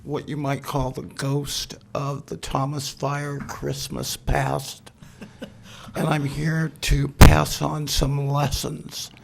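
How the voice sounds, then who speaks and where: An older man giving an earnest, halting public comment at a council meeting, warning the council from a podium microphone. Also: a little high, monotone, gravelly, a little hiss or hum. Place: city council chamber.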